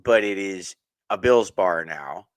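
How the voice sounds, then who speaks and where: A man's voice: deep voice, expressive, slow pace, no room sound, low-quality recording. A man chatting as a guest on a casual podcast over a remote call, joking sardonically and swearing freely. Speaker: podcast guest, political activist.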